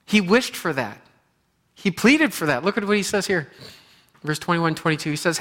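A male pastor preaching a sermon in an earnest, conversational way, often restarting his sentences and moving between quiet passages and animated bursts. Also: sits high, moderate pace, pauses often.

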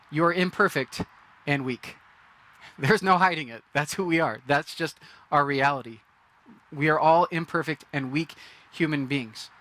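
Male pastor, conversational sermon, bright and slightly high voice. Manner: conversational, acts out quoted reactions.

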